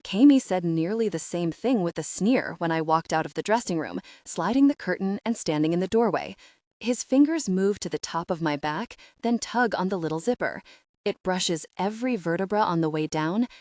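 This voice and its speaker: A woman reads a first-person romance audiobook in a soft, measured, intimate manner. Her voice is on the low side and very dry, as if recorded close in a dead booth. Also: expressive, no echo. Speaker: audiobook narrator.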